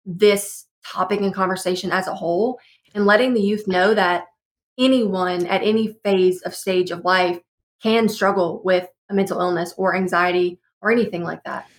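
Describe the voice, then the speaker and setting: A young woman speaks on a panel in a lowish, steady voice at a normal pace. She earnestly reflects on her teenage years, offering personal testimony to the discussion.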